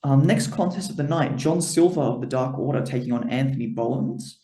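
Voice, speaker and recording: Greek diaspora guy recapping wrestling, gravelly dark voice, lots of ums, echoey room. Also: medium pitch, a little fast. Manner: reads recap with many fillers. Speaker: podcast co-host.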